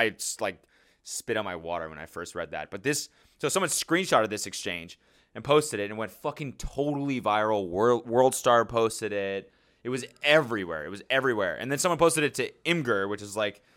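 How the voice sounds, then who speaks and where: A young man hosts a solo podcast in a bright, crisp voice that sits on the low side. He tells his story casually, swearing freely and poking fun at himself, and gets animated as he goes. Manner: profane, self-mocking, animated storytelling. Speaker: podcast host.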